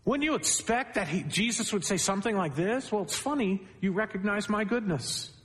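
A man delivers an expository sermon with a notably high voice. His voice rises sharply when he hammers home a point and drops low for asides. The sound carries a long reverb, like a large church hall. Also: animated, moderate pace, a bit bright. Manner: expository preaching, rising pitch for emphasis. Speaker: pastor.

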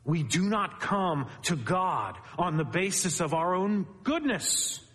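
A man's voice: big pitch swings, slow, fairly bright tone, long reverb tail. A man preaching an expository sermon, addressing the congregation as beloved and lifting his voice to stress key points. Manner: expository preaching, rising pitch for emphasis. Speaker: pastor.

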